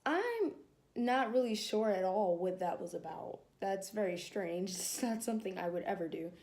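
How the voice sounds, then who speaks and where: A young woman telling a personal story to camera in a casual vlog, animated and laughing as she acts out her own thoughts. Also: medium pitch, moderate pace. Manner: animated, laughing, acting out her inner dialogue. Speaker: vlogger.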